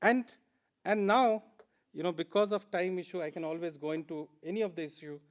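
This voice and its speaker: A man's voice: sits high, brisk. A man with an Indian English accent giving a plenary conference talk, earnest and emphatic, repeating words for stress. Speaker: conference speaker.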